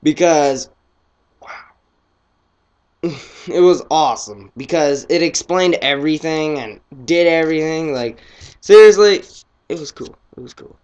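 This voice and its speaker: A teenage boy casually reviewing a film, excitable and rambling, his voice often trailing off quietly. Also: a little high, a little slow, pauses often, smooth, dull audio.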